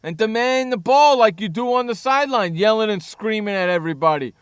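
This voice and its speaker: Ranting sports radio host. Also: male voice, high-pitched, fairly quick, smooth, no room sound, studio quality. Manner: blunt, ranting, sarcastic. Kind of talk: opinionated sports talk radio.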